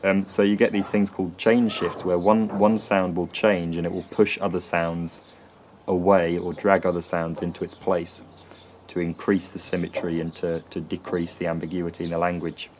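English male presenter, low and even voice, hesitant explanatory delivery. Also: moderate pace, slight background noise. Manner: hesitant, frequent ums and restarts. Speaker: accent and linguistics presenter. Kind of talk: explanatory lesson.

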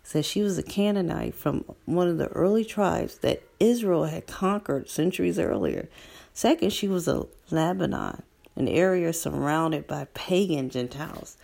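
A woman preaches in a low, gravelly voice with a husky edge. She talks to her listeners conversationally and asks them rhetorical questions. At times she drops her voice to a near whisper for emphasis. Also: normal speed, darkish tone. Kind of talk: sermon.

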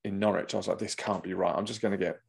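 A man's voice: low-pitched, fairly even intonation, rapid-fire, vocal fry, breathy edge. A man in casual chat, telling a story animatedly and acting out the voices of the people in it.

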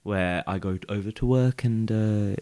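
A man's voice: lowish voice, a little slow, no room sound. A man co-hosting a podcast, telling a story in casual chat with lots of swearing. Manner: animated anecdotes with lots of swearing. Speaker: podcast co-host.

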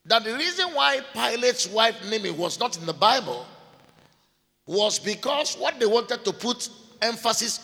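A man teaching a sermon in a deliberate way, repeating key phrases and spelling out names letter by letter. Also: sits high, creaky, bright, forceful tone. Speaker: preacher. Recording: long hall reverb.

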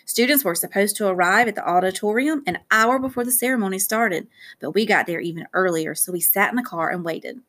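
A woman narrating a novel aloud in a clear, steady storytelling manner. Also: mid-range voice, brisk. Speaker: audiobook narrator.

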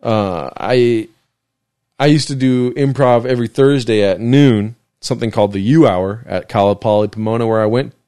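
A man's voice: mid-range voice, normal speed, dark tone, smooth, no room sound, clean studio sound. A young man hosting a casual solo podcast from a desk in his living room, rambling, joking and swearing, and slipping into mock voices. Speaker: podcast host.

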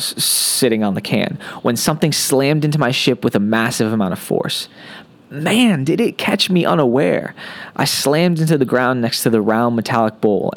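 A man hosting a podcast, reading aloud from his own comic science-fiction story in a playful, wisecracking manner. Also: mid-range voice. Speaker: podcast host and fiction author.

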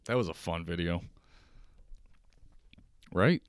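A man's voice: deep voice, slow, smooth. A young man telling stories alone at his kitchen table, loose and profane, rambling with laughs. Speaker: podcast host. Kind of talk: casual solo storytelling. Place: kitchen at home.

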